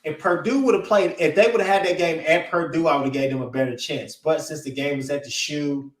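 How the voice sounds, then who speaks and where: A man's voice: a little high, fairly even intonation, fairly quick. A man giving blunt, rambling opinions in casual sports talk, often restarting his sentences. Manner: blunt, rambling, with many restarts and filler words. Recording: roomy echo, distant from the mic.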